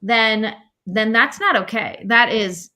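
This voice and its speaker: A woman hosting a podcast and coaching, chatting in an animated way and acting out the people in her stories. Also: on the high side, slow pace. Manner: animated, acts out quoted voices in stories. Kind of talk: conversational podcast chat.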